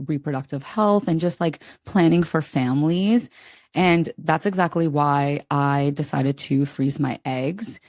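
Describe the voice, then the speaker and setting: Young woman, podcast co-host, low voice, dry close sound, chatty, giggly, a little under the weather. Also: darkish tone, no echo. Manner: chatty, laughs often, lots of "like". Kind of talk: casual chat. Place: at home, recording remotely.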